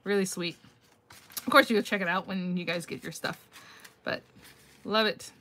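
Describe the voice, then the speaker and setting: Her voice is lowish and pushed, bright, with fairly even intonation at normal speed. A middle-aged woman, she hosts a casual live craft-mail reveal from her phone, gushing, thinking aloud and laughing frequently as she responds to viewers.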